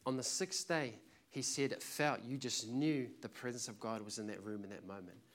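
A man's voice: medium pitch, normal speed. Passionate male preacher giving a sermon. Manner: passionate, emphatic, storytelling preacher.

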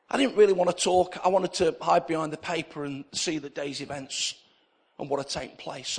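A man's voice: fairly high pitch, husky. A middle-aged male pastor preaching a sermon, telling stories with acted-out dialogue and repeating key phrases for emphasis. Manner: storytelling preacher who acts out dialogue in anecdotes.

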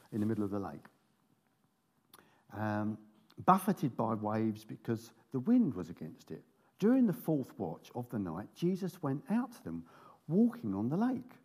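A man's voice: medium pitch, breathy edge. A man preaching, reading scripture aloud with jokey asides between the verses. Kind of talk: sermon with Bible reading.

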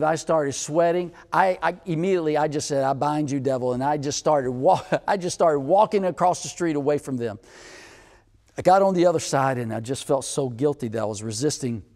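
A man preaching a sermon, telling personal stories, moving from hushed, intimate passages to loud, excited ones. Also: fairly high pitch, brisk, big-room sound. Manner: storytelling, swings from hushed to loud.

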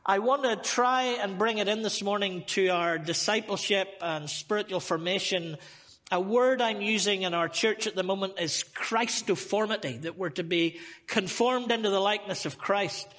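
A man's voice: high-pitched, moderate pace, a bit bright. A man with a Northern Irish accent preaching a sermon as a guest speaker, opening with humorous, chatty asides. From Northern Ireland.

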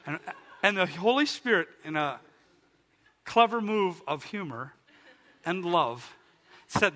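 A middle-aged man preaching a sermon as pastor, telling a story with animated delivery that climbs high when he gets excited. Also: slow, pauses often. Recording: long hall reverb.

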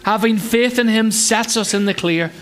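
A man preaching a conversational sermon with humour, asking his congregation rhetorical questions and acting out children's voices. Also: normal speed. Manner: acts out children's voices in a higher pitch. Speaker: pastor.

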